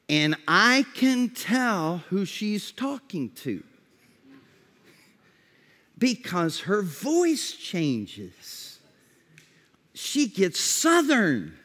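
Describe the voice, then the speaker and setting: A man preaching a sermon in a conversational way, often restarting his sentences and softening for reflective questions. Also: high-pitched. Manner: conversational preaching with repeated false starts; drops to a soft, slow voice for reflective questions. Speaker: pastor. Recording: long hall reverb.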